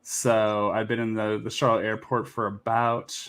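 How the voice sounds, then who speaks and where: A man co-hosting a podcast who tells his story hesitantly, with many pauses and ums. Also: fairly low pitch, level tone, a bit bright, clean tone. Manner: hesitant, with frequent ums and restarts. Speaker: podcast co-host. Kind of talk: casual chat.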